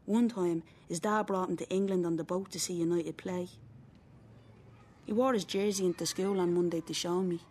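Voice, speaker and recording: A woman narrating in first person as a quiet, wistful young boy in foster care. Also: lowish voice, fairly even intonation, moderate pace, lightly acted.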